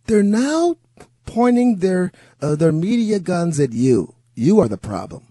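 A man filling in as a talk radio host, giving an animated, sarcastic monologue and chuckling at times. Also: high-pitched, a little slow, dry recording, studio quality.

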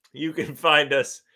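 A man's voice: on the high side, sharp tone. A man co-hosting a casual sports podcast, making laid-back, dry remarks and reading the sign-off. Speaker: podcast co-host. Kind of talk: casual chat.

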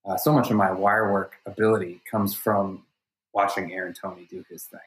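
A stunt performer being interviewed, telling stories casually with energy and frequent restarts. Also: male voice, sits low, level tone, normal speed. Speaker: stunt performer and fight coordinator guest. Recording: roomy echo.

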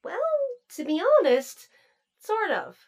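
An actress voicing a gentle, lightly teasing female robot. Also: sits high, very animated, slow, vocal fry, heavily acted.

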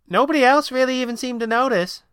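A man's voice: very high-pitched, fast talker, fairly bright tone, clean tone, no room sound, studio quality, voice pushed up. A man voicing Kit, a teasing young woman thief. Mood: playful. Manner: teasing, breezy banter. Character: quick-witted young woman thief in disguise. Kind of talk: audiobook narration.

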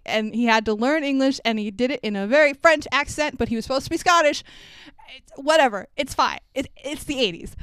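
A woman with a high, smooth voice hosts a casual movie review chat. She is animated, laughs often and swears without a second thought, and the sound is close and dry. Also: no room sound. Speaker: podcast host.

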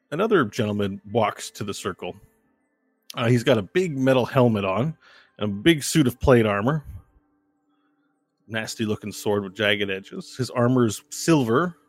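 A man narrating a tabletop game as game master, lively and descriptive. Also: on the low side.

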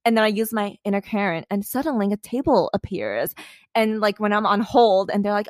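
A woman's voice: medium pitch, animated, quick pace, dry recording, studio quality. A young American woman co-hosting a podcast, talking bluntly and swearing often with frequent laughs. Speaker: podcast co-host. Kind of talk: casual chat.

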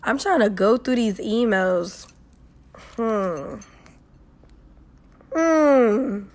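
A young adult woman hosting an advice podcast, reading listener emails and giving blunt, profane, animated advice. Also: on the high side, drawn-out words, a little hiss or hum. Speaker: podcast host.

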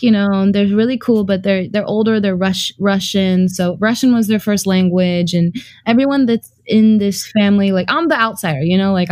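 A young adult woman telling anecdotes in a casual chat, animated and giggly, peppering her speech with "like" and the odd swear word. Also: medium pitch, dry recording. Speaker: guest storyteller.

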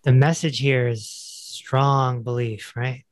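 A man's voice: medium pitch, level tone, slow, no room sound. A man hosting a podcast, talking in a reflective, conversational way. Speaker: podcast host. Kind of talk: casual interview conversation.

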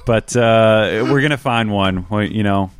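Laid-back Southern man, low voice. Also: measured pace, clean tone. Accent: Southern American. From American South. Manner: laid-back, rambling, self-aware. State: tired. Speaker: podcast guest, video maker. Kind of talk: casual podcast chat.

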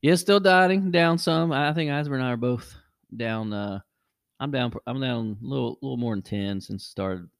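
A middle-aged man hosting a podcast, telling a casual story and jumping his voice up high when he acts out what people said. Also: moderate pace, vocal fry, clean tone, dry recording, clean studio sound. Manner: animated, jumps high when acting out quotes. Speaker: podcast host.

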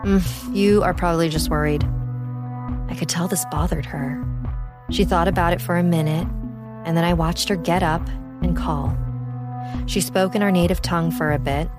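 Low-voiced woman telling a personal story. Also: normal speed, long pauses. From East Bay, California. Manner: calm, reflective recounting. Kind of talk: first-person storytelling narration. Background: background music.

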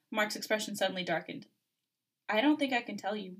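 Woman, podcast host, reads fan fiction aloud, acts out dialogue, lively. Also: mid-range voice, a little fast. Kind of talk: reading fiction aloud with chat.

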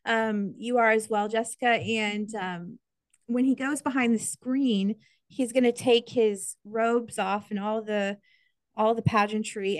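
A woman's voice: fairly high pitch, no room sound. American woman co-host, casual and sincere, dry close mic. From United States. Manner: chatty, earnest, gets emotional. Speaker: podcast co-host. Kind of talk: casual podcast chat.

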